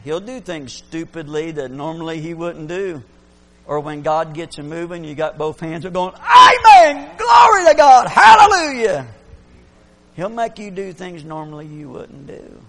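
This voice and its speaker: A man preaching a fervent sermon. His voice sits a little high and has a gravelly edge, and it swings between loud exclamations and hushed asides. A faint mains hum runs under the recording.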